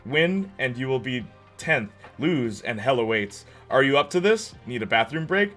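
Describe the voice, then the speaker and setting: A man voicing a brisk woman fight coordinator with a French accent, delivering a cheerful pep talk. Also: mid-range voice, expressive, a bit bright, soft background music, close to an everyday voice.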